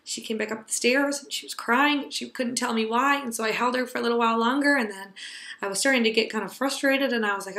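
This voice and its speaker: Bright-voiced young woman telling a story. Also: a little high, fairly even intonation, fast talker, echoey room. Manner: earnest, tender, drops to a hush for quiet moments. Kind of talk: personal story told to a class.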